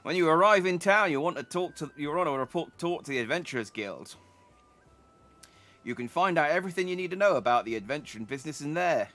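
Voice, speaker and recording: A man's voice: a little high, fairly bright tone, pitched above the performer's own voice, natural voice. A man voicing a chatty, folksy middle-aged merchant in a put-on rustic English accent, reading game dialogue aloud. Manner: homely, drawling with dropped letters.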